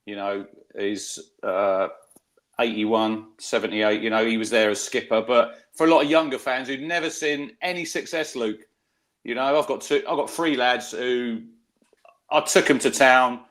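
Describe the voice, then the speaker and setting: A man's voice: medium pitch, unhurried. Man, middle-aged, chatty co-host, anecdote-driven, filler-heavy delivery. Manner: chatty storyteller, lively anecdotes, many fillers. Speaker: podcast co-host. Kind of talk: casual football chat.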